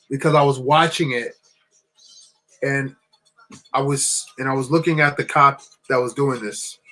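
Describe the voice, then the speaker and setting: A man from New Jersey, a channel co-host, telling a personal story in a halting, repetitive way with many restarts. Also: medium pitch, fairly bright tone, low-quality recording.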